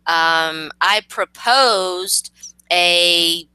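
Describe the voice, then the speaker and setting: A woman co-host chatting casually and poking fun at herself. Her voice is bright and crisp, slightly low-pitched. The sound is dry and close. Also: drawn-out words, no room sound, poor audio. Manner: self-deprecating, chatty. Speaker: podcast co-host. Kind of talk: casual chat.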